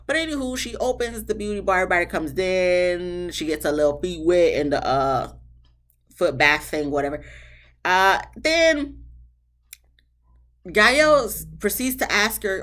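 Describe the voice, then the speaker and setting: A woman giving a casual, sassy recap of a reality TV episode, talking back to the people on screen. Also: medium pitch. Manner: animated, sassy, talks back to the cast.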